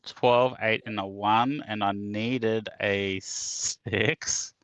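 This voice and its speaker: A man's voice: fairly low pitch, steady tone, drawn-out words, a bit bright, dry recording. A man playing a tabletop game, thinking aloud hesitantly as he rolls dice. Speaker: player. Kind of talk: tabletop game play chat.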